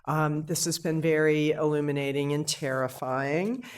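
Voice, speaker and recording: A woman's voice: sits low, fairly even intonation, moderate pace, smooth. A woman hosting a live talk, giving friendly, lightly joking closing remarks. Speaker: event host.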